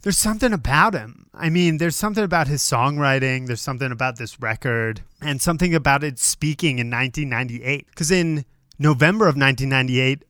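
A man's voice: mid-range voice, fairly quick, fairly bright tone, clear, resonant tone, no room sound, studio quality. A man co-hosting a podcast, chatting casually and enthusiastically about music, joking about himself. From Colorado. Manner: enthusiastic, joking, self-deprecating. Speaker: podcast co-host.

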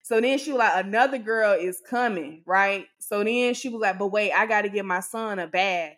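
A woman co-hosting a podcast, telling an animated, exasperated story and acting out what others said. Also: medium pitch, normal speed. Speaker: podcast co-host. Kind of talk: casual storytelling to a co-host.

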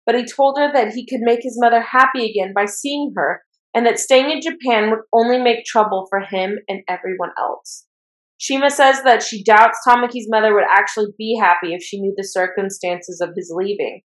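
A woman hosting a casual chat, recapping an anime episode as an excitable fan who gets worked up and laughs as she retells it. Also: a little high, moderate pace, echoey room, poor audio. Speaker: podcast host recapping an anime.

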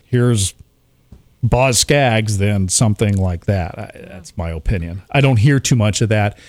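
A man's voice: fairly low pitch, a little slow, a little mellow, no echo. A man, a radio DJ chatting casually as a podcast guest, rambling and poking fun at himself. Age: 40s. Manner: rambling, self-mocking, chuckles often.

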